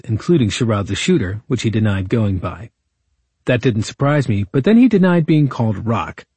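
A man narrating a memoir audiobook in a measured, wry storytelling manner, as a defense lawyer recounting events. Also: lowish voice, a little mellow, husky, dry recording.

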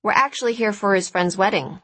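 A woman's voice: mid-range voice, a little fast, fairly bright tone, pitched above the performer's own voice, natural voice. A woman voicing a polite, puzzled young guest.

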